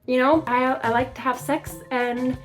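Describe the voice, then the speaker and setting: A woman's voice: high-pitched, fairly even intonation, unhurried, faint music behind. A woman voicing a breezy, carefree heroine.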